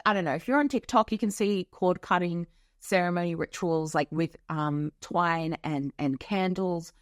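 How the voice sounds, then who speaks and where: A woman's voice: fairly low pitch, dry recording, clean studio sound. A young woman hosting a podcast, chatting casually and frankly about spiritual topics, swearing freely and using lots of fillers. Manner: frank and profane, with frequent fillers. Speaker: podcast host.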